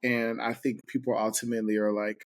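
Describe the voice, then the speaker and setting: A man's voice: medium pitch, a little slow. A man co-hosting a podcast, chatting casually with easy laughter and loose fillers. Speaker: podcast co-host. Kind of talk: casual conversation.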